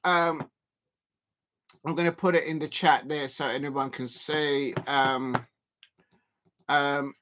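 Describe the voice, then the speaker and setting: A man commentating live on a football match for his stream, rambling with many fillers and breaking into excited shouts at chances. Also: fairly high pitch, takes it slowly, pauses often, background noise. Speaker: football watch-along streamer.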